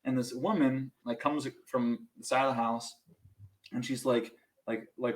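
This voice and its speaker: A young man from Minnesota tells a story on a podcast, animated and loose, slipping into other voices and filling every pause with "like." His pitch sits right in the middle for a man. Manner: animated, acts out voices in his stories, many "like" fillers. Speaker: podcast guest. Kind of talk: casual storytelling.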